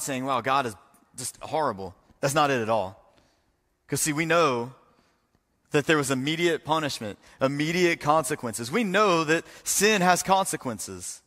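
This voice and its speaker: A pastor preaches earnestly to his congregation, his bright, ringing voice carried with a long hall reverb. He speaks in a fairly high register for a man and slips into the voices of the people he quotes. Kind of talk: sermon.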